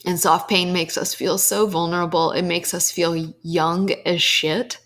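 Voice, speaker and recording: A woman's voice: lowish voice, little pitch movement, a little slow, fairly bright tone. A young adult woman hosting a podcast, talking candidly and emotionally about spiritual teachings, with casual swearing.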